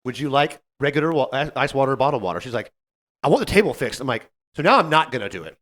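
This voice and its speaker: Male podcast co-host, quick-talking storyteller with a lively voice who acts out the people in his stories. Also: mid-range voice. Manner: animated, acts out customer quotes. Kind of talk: casual storytelling chat.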